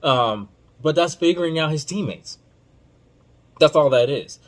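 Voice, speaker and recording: A man hosting a podcast, giving casual basketball commentary in an emphatic, informal, slang-heavy way that swings between loud outbursts and low muttering. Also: lively intonation, unhurried. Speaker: podcast host.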